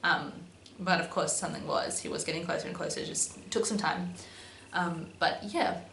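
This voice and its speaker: A woman's voice: fairly low pitch, fairly even intonation, normal speed, fairly bright tone. Chatty young woman in an echoey room. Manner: chatty, many "um"s and "but yeah"s. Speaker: vlogger. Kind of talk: casual storytelling to camera. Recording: echoey room with faint hum.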